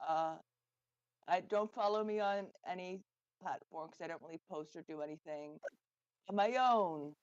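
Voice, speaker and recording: A woman who is losing her voice, a tabletop game player talking softly and hesitantly in casual chat over a call. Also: on the low side, normal speed, clear, resonant tone, no echo. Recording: dull lo-fi call audio.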